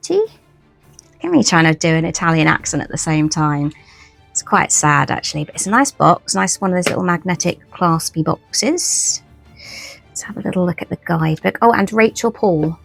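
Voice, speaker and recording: A woman's voice: low voice, moderate pace, creaky, soft background music. A woman chatting casually in a haul video about her new tarot decks. She rambles, restarts her sentences and pokes fun at herself. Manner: chatty, rambling, self-deprecating, many restarts. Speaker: tarot vlogger.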